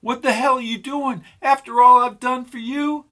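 A man voicing Pam, a hardened, sharp-tongued outlaw woman in an audiobook western, with a raised, defiant voice. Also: very high-pitched, steady tone, normal speed, pitched above the performer's own voice. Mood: bitter.

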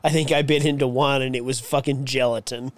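A man co-hosting a casual podcast, swearing a lot and teasing his friend, often breaking into loud laughter. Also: medium pitch, fairly even intonation, a little fast. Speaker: podcast co-host. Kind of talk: casual chat.

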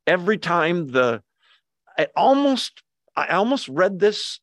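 An older male pastor delivers a sermon in a slightly high voice. He leans hard on repeated words and keeps asking his listeners questions. The sound is dry and close. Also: big pitch swings, measured pace, a bit bright, no room sound. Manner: emphatic, asks the audience questions, repeats words for emphasis.

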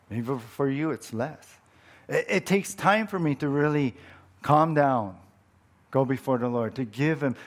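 A man preaching a sermon in an earnest way, stressing some lines loudly and dropping others low and quiet. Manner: earnest, swings between loud emphatic lines and low quiet ones. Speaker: pastor.

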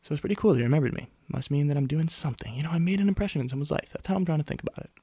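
A man's voice: fairly high pitch, lively intonation, very fast, dark tone, breathy edge. A young man hosting a solo podcast in a casual, rambling, self-mocking way, close to the mic. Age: young adult. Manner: rambling, self-mocking, jokey, with sudden whispers and put-on voices. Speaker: podcast host. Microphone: studio mic close up.

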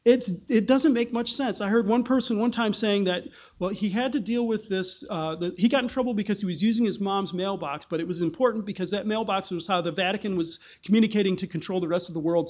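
A man preaching a sermon in an animated way, often restarting phrases and acting out the people he quotes. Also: high voice, brisk. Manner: animated, acts out quoted voices, frequent restarts.

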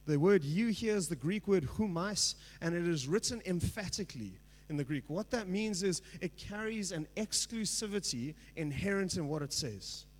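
A man's voice: sits high, lively intonation, moderate pace, hardly any pauses. A male pastor preaching a sermon in a conversational way, checking in with the congregation and building to emphatic passages. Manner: conversational preaching with frequent "right?" check-ins.

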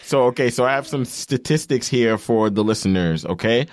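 A man's voice: mid-range voice, expressive, normal speed, dry recording. A young man hosting a podcast in casual, slangy, profane chat. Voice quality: laid-back, profane, slangy. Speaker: podcast host.

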